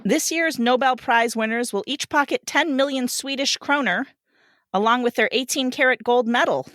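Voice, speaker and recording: A woman's voice: high-pitched, moderate pace, fairly bright tone, no echo, studio quality. A woman in her thirties co-hosting a podcast, chatting playfully, laughing often and reading game cards aloud. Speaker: podcast co-host.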